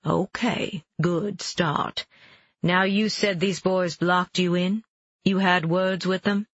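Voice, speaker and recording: A reader voicing a calm male police officer who questions in a dry, measured way. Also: sits high, dull audio, exaggerated voice.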